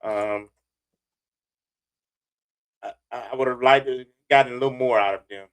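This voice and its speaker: A man co-hosting a sports talk show, giving a measured review of a team's season. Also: medium pitch, fairly even intonation. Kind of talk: casual sports analysis chat.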